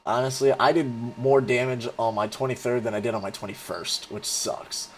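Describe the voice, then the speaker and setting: A man's voice: mid-range voice, steady tone, moderate pace, slight background noise. Man, twenties, casual storyteller; rambling and profane, full of fillers. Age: 20s. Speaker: vlogger.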